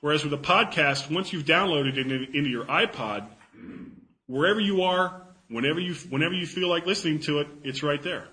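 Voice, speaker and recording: A man speaks to a live audience in a bright, forceful voice. He is chatty and loose, repeats words while thinking, and jokes at his own expense as he answers questions. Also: on the high side, brisk, low-quality recording. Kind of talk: casual talk to a live audience. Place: talk before an audience.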